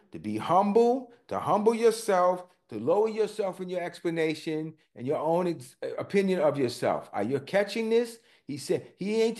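Man, preacher, sermon, slow scripture reading, folksy talk, wide pitch swings. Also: darkish tone. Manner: reads scripture slowly, then rises in pitch and force as he explains; informal, folksy phrasing.

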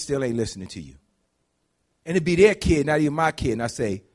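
A man preaching a conversational sermon, dropping to low murmurs and climbing to high shouts. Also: big pitch swings, fast talker. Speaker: pastor.

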